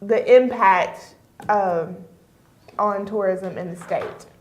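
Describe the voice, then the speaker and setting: A woman talks casually on a local TV show. She is chatty, laughs often and fills her pauses with many ums. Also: mid-range voice. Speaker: chamber of commerce guest. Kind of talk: casual chat. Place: TV studio.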